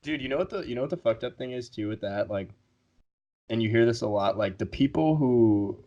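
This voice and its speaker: A man's voice: medium pitch, lively intonation, a little fast, warm tone, dull audio. A young man co-hosting a podcast in casual chat, laid-back, swearing freely and laughing often. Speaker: podcast co-host.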